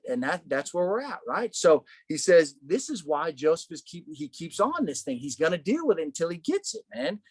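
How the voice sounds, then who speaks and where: A man leading a casual Bible study, animated, asking rhetorical questions and saying "man" a lot. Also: on the high side, normal speed, few pauses, husky, no echo.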